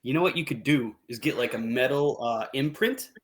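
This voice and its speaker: Man, Wisconsin accent, casual podcast chat, laid-back, lots of fillers, average pitch. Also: moderate pace. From Wisconsin, USA.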